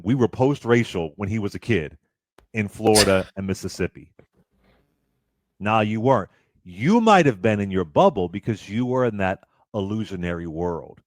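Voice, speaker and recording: A man's voice: lowish voice, no echo, studio quality. A man under sixty hosting a talk radio show, making emphatic points and now and then mocking the people he quotes.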